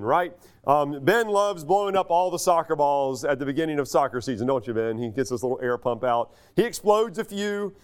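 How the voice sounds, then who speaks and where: A high-pitched man preaching a relaxed, conversational sermon. He teaches in a loose, chatty way, full of fillers and asides, and his pitch swings widely, dropping low for jokes and side remarks. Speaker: pastor.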